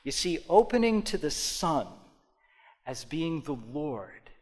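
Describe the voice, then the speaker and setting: A pastor preaching a sermon in an unhurried, deliberate way, his voice sitting a little high for a man. He talks straight to his congregation, checking in with them, and moves between hushed, quiet asides and loud, emphatic passages. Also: very animated. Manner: addresses congregation directly with repeated "okay?".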